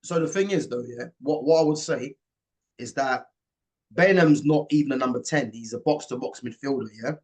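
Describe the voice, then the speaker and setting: A man's voice: mid-range voice, fairly quick, a little mellow, breathy edge. A man hosting a casual football chat, talking in an emphatic, opinionated way. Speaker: host.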